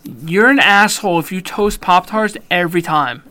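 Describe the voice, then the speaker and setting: A man co-hosting a podcast in casual banter, swearing freely and erupting into loud mock outrage. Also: sits high, moderate pace, no room sound. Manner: profane, mock-outraged, loud ranting bursts. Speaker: podcast co-host.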